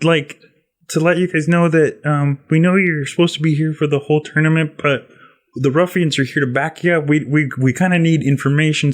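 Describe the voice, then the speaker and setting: A man's voice: a little high, voice pushed up, lightly acted. Goofy young ruffian, played by a man: raised Muppet-ish voice, rambling, says "like" a lot. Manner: rambling, peppered with "like".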